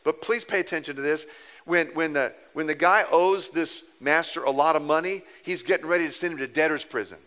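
A middle-aged pastor with a bright, forward voice and a slightly high pitch, preaching in a loose storytelling way. He jokes at his own expense and slips into the voices of the people in his anecdotes. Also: fairly quick, clean tone. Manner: animated, self-mocking storyteller who acts out quoted people. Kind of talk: storytelling sermon.

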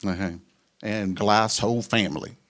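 Middle-aged man, low-pitched, folksy testimony storyteller. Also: steady tone, moderate pace, a bit bright. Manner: folksy, storytelling, acts out dialogue. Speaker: businessman sharing his testimony. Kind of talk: personal testimony talk.

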